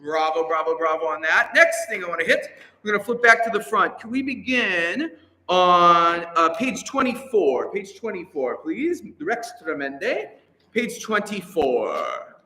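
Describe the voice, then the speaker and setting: A man's voice: high-pitched, big pitch swings, sharp tone. A man conducting a choir rehearsal, giving encouraging instructions between counts in a large hall. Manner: encouraging, coaching, quick asides between counts. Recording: echoey hall, heard from a distance. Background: choir and instruments playing.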